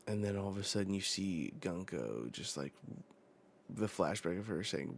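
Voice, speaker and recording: A man hosting a live manga reaction, reading the panels and dialogue aloud with slow, dramatic emphasis. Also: deep voice, lively intonation, vocal fry, fairly bright tone.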